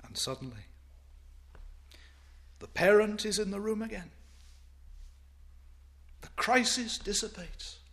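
A male preacher delivering a sermon, swinging from loud declaiming to hushed reverence. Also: sits high, animated, slow, long pauses.

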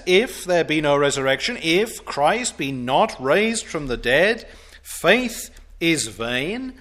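Slow, emphatic male preacher. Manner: measured, emphatic delivery with slow stressed phrases; falls to a low, quiet voice on solemn points. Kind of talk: sermon.

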